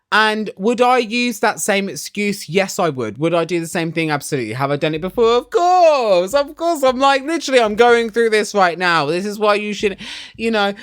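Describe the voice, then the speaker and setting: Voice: mid-range voice, a bit bright, dry recording, clean studio sound. A vlogger ranting casually and sarcastically through a reality TV recap, opinionated and swearing.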